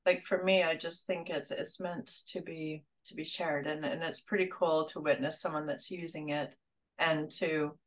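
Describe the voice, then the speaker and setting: Woman coach, fairly low pitch, earnest and inspirational, casual interview talk. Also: steady tone, moderate pace, rough recording. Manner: earnest, inspirational, repeats words. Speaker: rewilding coach interviewed as guest.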